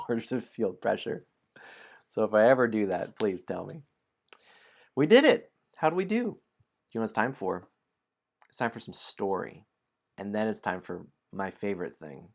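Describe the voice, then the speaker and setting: Deep and gravelly, this man's voice carries his game stream as he jokes around and apologizes to viewers. He also reads a story aloud, laughing often throughout.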